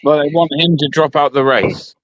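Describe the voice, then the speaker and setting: A man's voice: fairly high pitch, fairly even intonation, normal speed, no echo, highs cut off. A man on a live panel, blunt and casual with slang.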